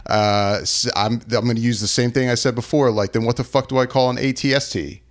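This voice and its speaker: A man's voice: medium pitch, fairly even intonation, brisk. A man hosting a podcast, ranting in a casual, profane way. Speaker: podcast host. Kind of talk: casual chat.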